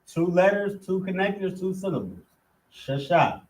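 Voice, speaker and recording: A man teaching a class, working slowly and methodically through words syllable by syllable and repeating each one. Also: sits high, sing-song, a little mellow. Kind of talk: classroom lesson.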